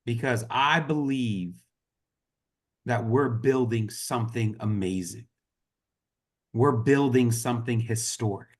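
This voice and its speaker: Speaking slowly with long pauses in a medium-pitched voice, a man fires up his network marketing team over a group video call. He's earnest and impassioned, and he keeps saying "y'all".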